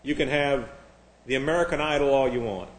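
A man's voice: medium pitch, a little fast. A man preaching a sermon in a sarcastic, mocking way. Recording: echoey room.

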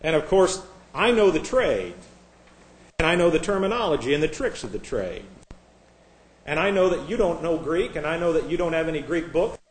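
A fairly high-voiced man preaching with a combative, sarcastic edge. He shifts between quiet, confiding asides and loud, mocking outbursts. The sound carries a noticeable room echo. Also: sing-song, moderate pace. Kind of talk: sermon.

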